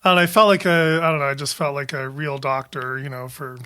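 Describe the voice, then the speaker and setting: A man's voice: medium pitch, fairly even intonation, quick pace, a crowd in the background. A man who is a doctor co-hosting a podcast, telling stories in casual chat with a rambling, hesitant way of talking. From American South. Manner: rambling, hesitant, many fillers and restarts.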